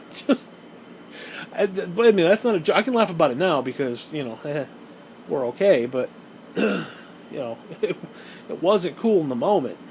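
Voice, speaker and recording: Slightly high-voiced and very animated, this gaming and wrestling video host speaks a little slowly with long pauses. He rants casually through a rambling story, repeating himself, cursing and occasionally laughing, over poor audio with some hiss or hum.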